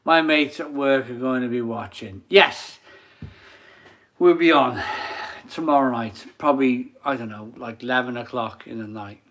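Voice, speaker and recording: A man's voice: medium pitch, normal speed, fairly bright tone. A man in his forties hosting a casual live beer stream, chatty and laughing often as he reads out viewer comments. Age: 40s.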